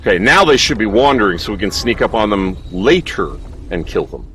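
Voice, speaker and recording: A young man commentating his own horror game playthrough in a casual, animated way, cursing and laughing at his mistakes, with allergies that make him clear his throat. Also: lowish voice, fairly quick. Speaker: gaming streamer. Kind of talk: casual let's play commentary.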